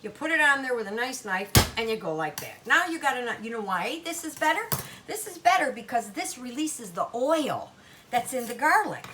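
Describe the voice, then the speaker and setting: A woman's voice: fairly high pitch, very animated, moderate pace, background noise. An older woman hosting a home cooking demonstration in her kitchen, talking in a chatty, folksy Italian-American grandmother way.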